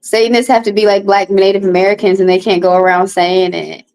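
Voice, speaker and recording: A woman's voice: mid-range voice, flat delivery, fairly quick, darkish tone, low-quality recording. A woman doing a casual livestream tarot card reading, talking bluntly and profanely with rambling asides.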